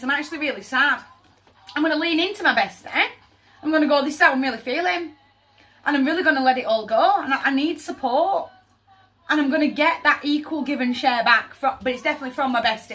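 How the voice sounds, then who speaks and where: A woman's voice: high-pitched, fast, a bit bright. A woman giving a casual tarot reading, chatty and emphatic, often checking in with her listener. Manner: chatty, emphatic, often asks "does that make sense?". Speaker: tarot reader.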